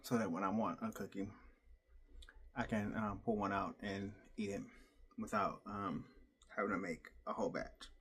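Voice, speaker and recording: A man telling a heartfelt story in a casual personal vlog, halting often with fillers and restarts. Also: on the low side, fairly even intonation, a bit bright, slightly rough. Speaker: vlogger.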